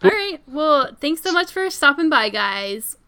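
A woman's voice: sits high, big pitch swings, unhurried, sharp tone. A woman hosting a podcast interview, upbeat and laughing easily between short encouraging replies. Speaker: podcast host.

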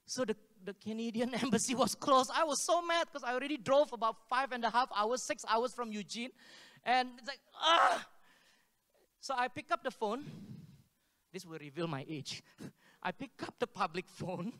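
A man with a very high-pitched voice preaches at a normal pace, telling stories as a pastor. He's animated, acting out the dialogue and laughing, with a long reverb from the hall around him.

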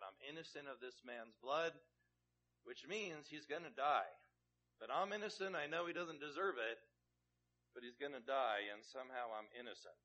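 A man's voice: medium pitch, pushed and bright, poor audio. A man preaching a sermon in a plain, conversational way, asking his listeners questions. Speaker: pastor.

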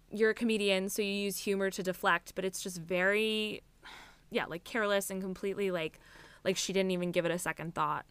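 A woman co-hosting a podcast in loose, candid chat. Her voice is bright and crisp, with a close, dry sound and no room around it. She scatters "like" and "I mean" as she talks. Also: medium pitch, brisk, dry recording. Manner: candid and animated, frequent "like" and "I mean". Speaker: podcast co-host. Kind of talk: casual chat.

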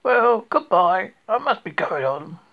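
A reader voicing a gentle, honey-loving male teddy bear in a storybook reading. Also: mid-range voice, lively intonation, a little slow. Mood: plaintive. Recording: lo-fi recording.

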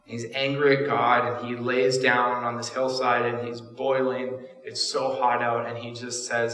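Pastor preaching in an echoey hall. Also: male voice, medium pitch, little pitch movement, normal speed, a bit bright, recorded from a distance. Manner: casual, humorous storytelling. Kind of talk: sermon. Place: church auditorium.

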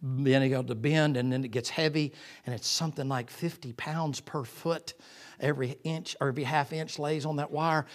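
A man preaching a sermon in a folksy way, swinging from loud passages to hushed whispers. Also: fairly high pitch, steady tone, moderate pace. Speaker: pastor.

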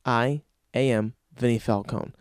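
A man's voice: medium pitch, fairly even intonation, takes it slowly, smooth, no echo, studio quality. A young man hosting a podcast, telling crude stories and ranting with a lot of profanity. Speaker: podcast host. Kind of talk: crude comedic storytelling podcast.

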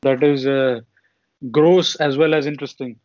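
A man's voice: mid-range voice, fairly even intonation, moderate pace, darkish tone, dry recording. A young man from India co-hosting a podcast, chatting casually with long, meandering explanations. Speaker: podcast co-host. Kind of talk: casual chat. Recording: dull lo-fi sound.

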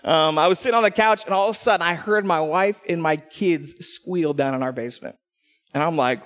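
A man from Texas preaching a sermon as pastor, animated and storytelling, acting out what people say. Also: a little high, fairly quick. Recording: long hall reverb.

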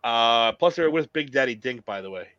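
A podcast co-host rambles casually about old wrestling matches, swearing freely. His mid-range voice is animated, a little fast and fairly bright, with no echo, though the recording sounds dull and lo-fi.

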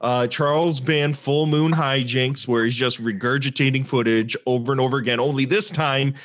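A man's voice: medium pitch, steady tone, moderate pace, a bit bright. A man co-hosting a casual movie review podcast, blunt and profane, laughing often as he talks. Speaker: podcast co-host.

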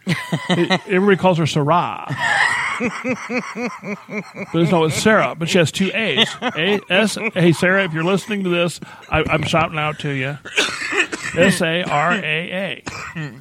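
A man's voice: high voice, measured pace, pauses often, background noise. A man co-hosting a podcast, chatting casually and rambling through anecdotes. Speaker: podcast co-host. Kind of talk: casual chat.

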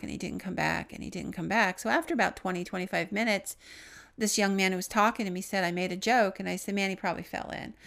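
A woman co-hosting a podcast, earnestly retelling a paranormal story and trailing off softly on the grim details. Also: mid-range voice, gravelly. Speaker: podcast co-host.

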